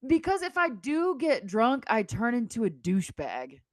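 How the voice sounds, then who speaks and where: A woman in her thirties co-hosting a podcast in casual chat, animated and joking, quick to tease. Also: on the high side, dry recording. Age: 30s. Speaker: podcast co-host.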